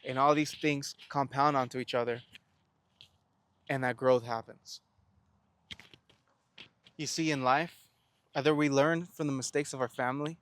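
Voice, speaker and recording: A man's voice: medium pitch, fairly bright tone, clear, resonant tone. A young man talking to the camera in an earnest, reflective self-help monologue, often posing rhetorical questions and stumbling over repeated words. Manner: earnest, asks rhetorical questions and answers them; stammers and restarts words.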